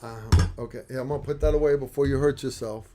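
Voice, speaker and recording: A man's voice: medium pitch, steady tone, quick pace, noisy background. A man co-hosting a livestream, teasing and ribbing his partner in casual chat. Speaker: co-host.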